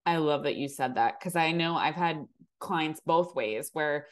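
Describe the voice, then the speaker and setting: Woman podcast host, lowish voice, affirming and casual. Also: a little slow.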